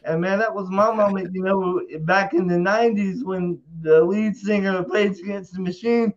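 A man telling a rowdy story in casual talk, animated and profane, acting out quotes loudly. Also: high-pitched, normal speed, highs cut off. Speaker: interview guest.

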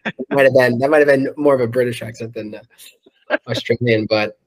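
A man's voice: mid-range voice, fairly even intonation, moderate pace. A man who sings in a rock band, chatting loosely in an interview, swearing freely and filling his talk with "um" and "like". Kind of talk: casual interview chat.

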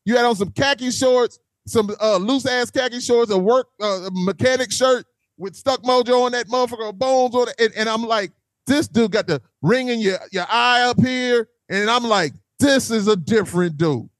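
A man's voice: extremely high pitch, moderate pace, no echo. A man telling a long story in casual chat, acting out quotes and swearing freely.

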